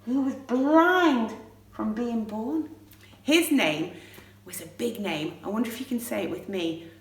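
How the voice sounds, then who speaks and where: A woman telling a Bible story to pre-school children, animated and often asking them questions, recorded from a distant mic in a roomy space. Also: a little high, unhurried. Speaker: children's church leader.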